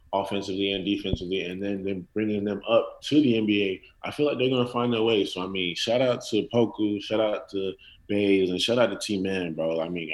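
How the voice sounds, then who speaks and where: A man's voice: lowish voice, rough recording. A man guesting on a casual sports podcast, talking in a loose, slangy, rambling way.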